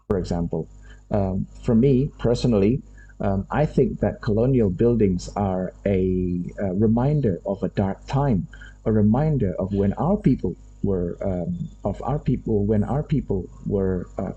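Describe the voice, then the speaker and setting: A man's voice: on the low side, expressive, unhurried, mellow, muffled recording, a little hiss or hum. A man giving a university lecture, thinking aloud and repeating his phrases as he goes. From Indonesia.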